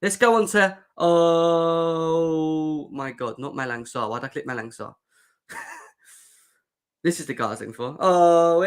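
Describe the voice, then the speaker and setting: A man's voice: high-pitched, fairly bright tone. A young man hosting a fan livestream, chatting sarcastically and reacting to comments from the chat. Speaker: fan show host.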